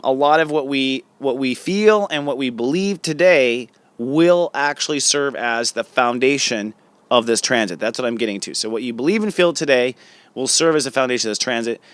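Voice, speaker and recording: A man's voice: mid-range voice, a bit bright, clear, resonant tone, no echo. A man hosting an astrology show, delivering an earnest spiritual forecast monologue that rambles with frequent restarts and fillers. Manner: affectionate and earnest.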